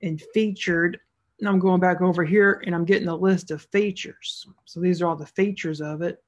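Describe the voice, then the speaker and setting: A woman's voice: on the low side, steady tone, normal speed, muffled recording. A woman narrating a screen-recorded tutorial as an online seller, casual and thinking aloud as she clicks through each step.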